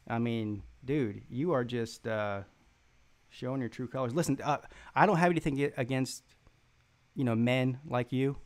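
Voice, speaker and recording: A man's voice: medium pitch, normal speed. A man with a Southern American accent hosting a sports live stream, reading viewer comments and answering with rambling, mocking trash talk full of fillers and restarts.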